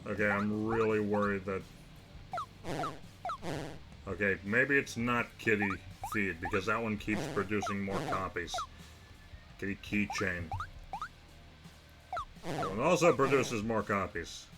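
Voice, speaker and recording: Over music, a young man with a lowish voice comments on the game he's streaming at a measured pace, pausing often. His asides are wry, muttered to himself as he reacts to the gameplay.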